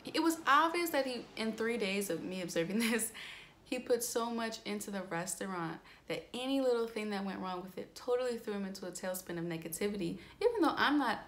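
A woman's voice: mid-range voice, expressive, a little fast, a bit bright. A young woman chatting candidly in a casual vlog, swearing freely and filling her speech with "like" and "um". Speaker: astrology vlogger.

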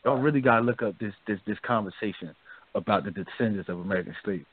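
A man's voice: fairly low pitch, fast, slightly rough, no echo. A man hosting a radio talk show, chatting loosely and often asking "you feel me?". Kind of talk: casual discussion. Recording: dry, phone-like narrow sound.

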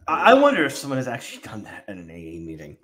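A man's voice: medium pitch, huge pitch swings, rapid-fire, fairly bright tone. A man co-hosting a casual podcast, laying out facts in a dry, matter-of-fact way. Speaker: podcast co-host.

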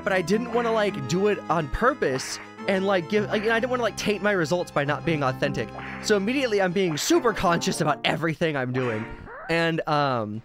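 A man streaming a video game, telling a long, tangential personal story in casual chat and swearing freely. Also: a little high. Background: game music.

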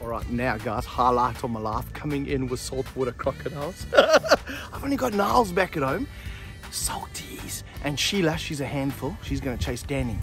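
Laughing South African man, lively pitch. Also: normal speed, over music. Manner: jokey, laughing often, pitch jumping high when amused. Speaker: visiting wildlife handler. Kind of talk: casual outdoor vlog banter. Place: outdoor animal park.

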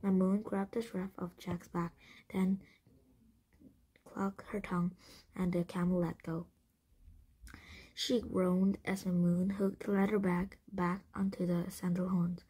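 A woman reading a children's storybook aloud in a gentle, breathy, husky voice, with occasional slips and restarts. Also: lowish voice, flat delivery, measured pace. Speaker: storybook reader.

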